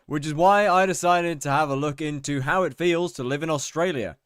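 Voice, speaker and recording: Young british guy streaming, kinda high voice, smooth, dry close mic, rambly and self-mocking. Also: a little fast, fairly bright tone, no room sound. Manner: rambling, self-mocking, reads chat aloud. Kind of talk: casual live-stream chat while gaming.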